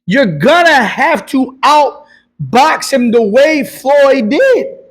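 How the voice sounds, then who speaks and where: High-voiced boxing coach arguing hard. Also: male voice, sing-song, slow, faint music behind. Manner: emphatic, argues in bursts with repeated buts and profanity. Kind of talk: heated casual debate.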